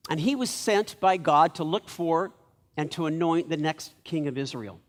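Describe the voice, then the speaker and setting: A man preaching a sermon as pastor of a church, telling stories in a lively way and acting out the lines of the people in them. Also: fairly high pitch, moderate pace.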